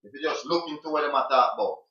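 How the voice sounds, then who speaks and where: Bright-toned man commenting on a clip. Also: a little high, very fast. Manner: emphatic, repeats questions to drive a point. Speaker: streamer reacting to a clip. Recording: roomy, dull lo-fi sound.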